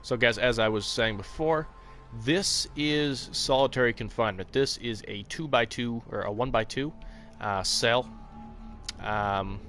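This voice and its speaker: A man's voice: fairly low pitch, fairly bright tone. A man casually commenting on a live game stream, rambling with fillers, chatting with viewers by name and swearing now and then. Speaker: gaming streamer.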